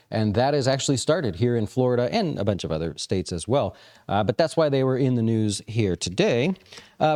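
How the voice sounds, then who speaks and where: Mellow-voiced man giving market commentary. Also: medium pitch. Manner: conversational, frequent fillers and restarts. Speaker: investment firm host.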